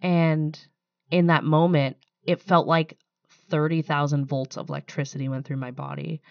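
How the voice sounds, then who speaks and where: A woman founder with a low voice tells her story candidly on a podcast, sometimes moved. The sound is dry and slightly dull, like a close, muffled mic with no room around it. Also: flat delivery, moderate pace, creaky, no echo. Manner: candid, storytelling, emotional at times. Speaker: startup founder and CEO. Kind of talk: podcast interview.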